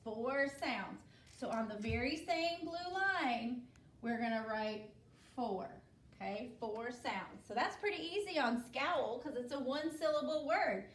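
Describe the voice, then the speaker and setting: A woman with a high, expressive voice takes her time as she teaches a spelling lesson, patiently guiding students and asking "okay?" after each step. She sounds distant in an echoey room.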